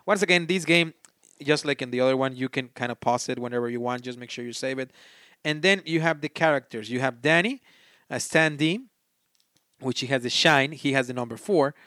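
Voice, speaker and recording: A man with a non-native English accent hosts a board game podcast in a relaxed, chatty way. His voice sits at an ordinary middle pitch, and the recording is dry and close with almost no room sound. He reads game text aloud and breaks off now and then to restart a phrase. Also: a little fast, dry recording. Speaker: podcast host. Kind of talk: casual board game review.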